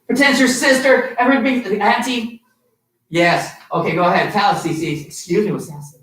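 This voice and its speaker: A man's voice: high voice, moderate pace. Upbeat male instructor in a roomy studio. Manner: upbeat, animated, coaxing children. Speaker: martial arts instructor. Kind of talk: live-streamed kids' class teaching. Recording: roomy sound from far off.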